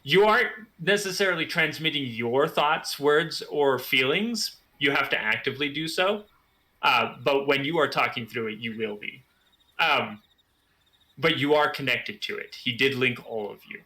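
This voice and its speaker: A man narrating as game master for a tabletop game, halting with fillers. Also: mid-range voice, lively intonation, bright, forceful tone.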